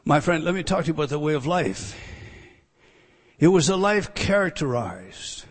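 An older male preacher delivers a sermon in a fairly high voice, repeating key phrases for emphasis. He drops to a hush, then climbs to ringing declarations. The long reverb of a large hall trails behind his words. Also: sing-song, normal speed. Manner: emphatic, swings from hushed to loud, repeats phrases.

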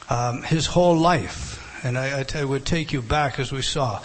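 A man's voice: fairly high pitch, moderate pace, fairly bright tone. A man preaching an expository sermon, emphatic and prone to repeating words and restarting phrases.

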